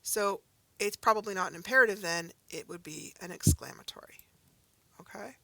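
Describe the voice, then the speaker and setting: A woman's voice: mid-range voice, normal speed, gravelly, pushed and bright, dry recording. A woman teaching a recorded grammar lesson, patiently explaining step by step with example sentences and checking in with "okay?" and "right?".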